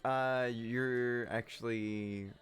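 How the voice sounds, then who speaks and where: A man's voice: mid-range voice, fairly even intonation, extremely slow, smooth, faint music behind. A man narrating as game master in a casual, laughing way, with lots of ums.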